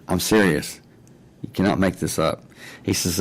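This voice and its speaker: Speaking briskly in a deep, steady voice, a man who hosts his own online talk show rambles through a casual story, saying "I said" and "he says" over and over. He records with his own home mic and mixer, and the audio quality is poor.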